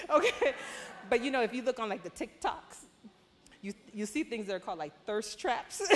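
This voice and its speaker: Lively woman testifying in a big hall. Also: on the high side, a little hiss or hum. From Panama. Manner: lively, conversational, with sudden excited outbursts. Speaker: conference speaker. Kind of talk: testimony talk. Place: large church hall. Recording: hall reverb.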